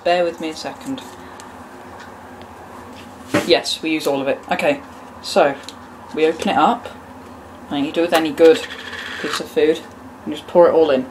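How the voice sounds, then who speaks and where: Hosting a casual cooking video in her home kitchen, a woman chats along with jokes at her own expense. Her voice is low and steady at a moderate pace. The recording is noisy, full of clattering pans, cutlery, pots and kitchen ambience.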